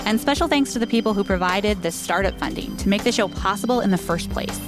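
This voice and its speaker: A woman reads podcast announcements in a bright, friendly voice at a middle pitch. A music bed runs under her. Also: expressive, quick pace. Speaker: co-host.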